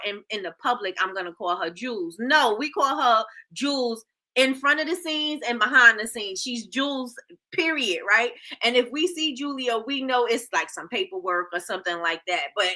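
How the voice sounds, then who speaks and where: Bright-voiced woman hosting a lively stream. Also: on the high side. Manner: lively, laughs often, reads chat aloud. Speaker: host of a live stream show. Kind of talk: casual live-stream chat, reading comments.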